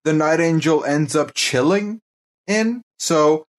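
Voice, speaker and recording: A man with a fairly high, very lively voice that swings up and down as he reasons out loud. He is a podcast co-host in easy, casual chat. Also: slow pace. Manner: thinking aloud, walking through clues.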